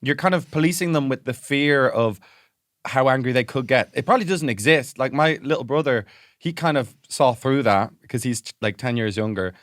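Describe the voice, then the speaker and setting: A man's voice: mid-range voice, a little fast, no room sound, clean studio sound. An Irish man co-hosting a podcast, telling wry stories in casual chat. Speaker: podcast co-host.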